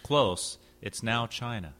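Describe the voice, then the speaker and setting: A man's voice: medium pitch, animated, slow, fairly bright tone. A man hosting a casual conversation who gives blunt, opinionated remarks. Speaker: host.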